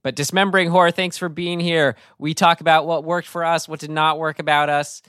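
A man's voice: fairly high pitch, little pitch movement, brisk, a bit bright, clean tone, no echo, studio quality. A man co-hosting a podcast in casual chat, rambling and laughing at his own slips. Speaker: podcast co-host.

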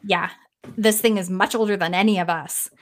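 Animated woman host telling a creepy story. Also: medium pitch, normal speed. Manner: animated, swears freely, trails off and restarts. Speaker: podcast host. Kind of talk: casual storytelling chat.

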